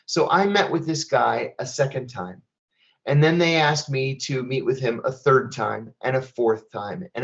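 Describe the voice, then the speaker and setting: A middle-aged man giving a speech, telling his story in a measured, deliberate way with wry asides. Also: medium pitch, highs cut off. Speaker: speaker at a public event.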